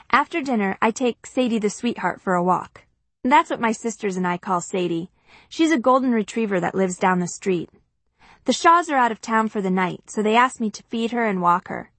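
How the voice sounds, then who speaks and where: A woman's voice: mid-range voice, normal speed, no room sound. A woman narrating a first-person audiobook in a chatty, confiding way.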